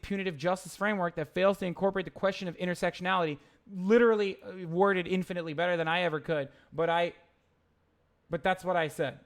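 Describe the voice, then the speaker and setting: A young man streaming live, reading chat aloud and ranting in a heated, profane, rambling way with frequent restarts. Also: high-pitched. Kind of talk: livestream reading chat and commenting.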